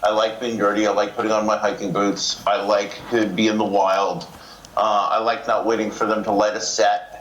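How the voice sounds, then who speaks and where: Relaxed low-voiced man, echoey room. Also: normal speed. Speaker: film director. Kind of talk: press Q&A answer. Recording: echoey room with faint noise.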